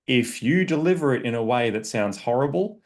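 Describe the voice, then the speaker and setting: Emphatic male coach, mid-pitched voice. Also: animated, moderate pace. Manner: emphatic, explains with examples and "right?" check-ins. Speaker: relationship coach, podcast guest. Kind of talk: casual podcast conversation.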